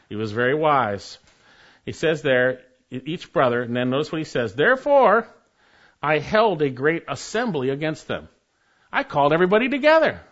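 A man preaching a sermon, swinging from loud emphatic lines to quiet, urging ones. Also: on the high side. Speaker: pastor. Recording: dull lo-fi sound.

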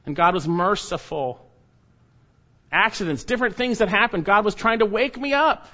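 Guy preaching, kinda high voice, pushes hard then drops real low and quiet, dull lo-fi recording. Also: moderate pace. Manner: emphatic, swings between loud urging and low hushed warnings. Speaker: pastor. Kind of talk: sermon.

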